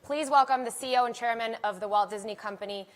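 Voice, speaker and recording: A woman's voice: on the high side, quick pace. A woman hosting an onstage conference interview, chatty and upbeat, with frequent "um" fillers. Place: conference stage.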